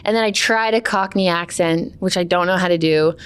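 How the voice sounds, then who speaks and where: A woman's voice: on the low side, brisk, clean tone. A woman filmmaker who also acted in the film, talking loosely and rambling with fillers in an interview. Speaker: filmmaker and lead actor. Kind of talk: casual interview.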